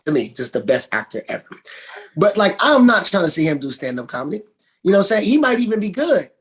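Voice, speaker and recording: A man, an actor guest in a casual interview, telling lively stories, acting out quotes and laughing often. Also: high-pitched, fast talker. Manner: animated storyteller, acts out quotes, laughs often.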